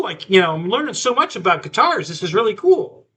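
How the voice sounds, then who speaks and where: A man's voice: high voice, big pitch swings, fairly quick, few pauses, bright, forceful tone, breathy edge. A man hosting a live stream, rambling through a story with lots of restarts and quoted back-and-forth. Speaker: host. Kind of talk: casual live-stream chat.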